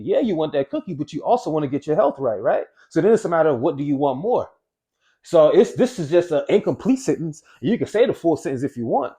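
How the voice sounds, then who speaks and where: A man giving a casual, motivational talk to camera as a weight-loss coach, repeating key phrases and slowing down to stress single words. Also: a little high, big pitch swings, mellow.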